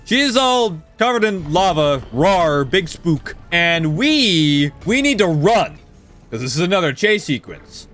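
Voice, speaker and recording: A man's voice: high voice, big pitch swings, a little slow, fairly bright tone, faint music behind. A man streaming a speedrun, giving loose live gameplay commentary, swearing freely and talking to his chat.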